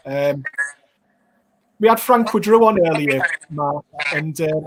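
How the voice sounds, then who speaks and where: A man hosting a casual interview, trading friendly banter with his guest and passing on listener questions. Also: on the high side. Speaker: show host.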